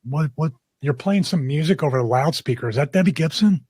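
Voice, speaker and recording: A man's voice: fairly high pitch, animated, brisk, a little mellow, husky, dry recording, clean studio sound. A man playing an earnest young male writer who questions his boss with stammered restarts. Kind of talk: comedic improv role-play.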